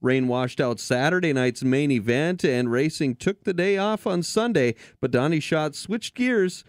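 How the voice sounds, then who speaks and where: Steady man reading race results. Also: a little high, measured pace, no room sound, studio quality. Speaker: racing show host.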